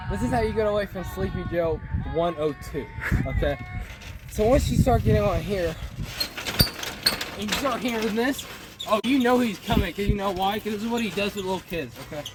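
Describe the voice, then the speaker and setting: A man's voice: high voice, lively intonation, moderate pace, long pauses. A man giving a joking mock tutorial outdoors on a playground, playful and giggly, filmed on a phone. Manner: playful, giggly, over-the-top. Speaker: vlogger. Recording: noisy outdoor phone recording.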